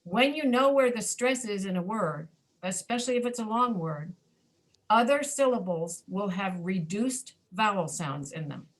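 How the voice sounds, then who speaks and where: An American woman with a mid-range, expressive voice runs an online English pronunciation class. She patiently says words slowly and repeatedly so learners can hear where the stress lands.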